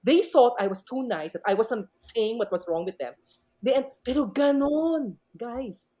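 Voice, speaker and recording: A middle-aged woman with a Filipino accent, a math professor who is a guest on a podcast, telling stories and acting out dialogue as she mixes English with Tagalog. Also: normal speed. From Philippines. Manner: switches between English and Tagalog, acts out dialogue; lively, swooping pitch. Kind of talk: animated storytelling interview.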